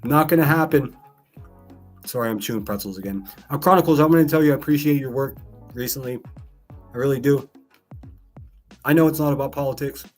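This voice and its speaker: Talking a little fast and pausing often, a man with a mid-range, darkish voice hosts a casual live stream where he reacts to clips. He reads chat messages aloud and mocks them in a blunt, profane way, with faint music behind him.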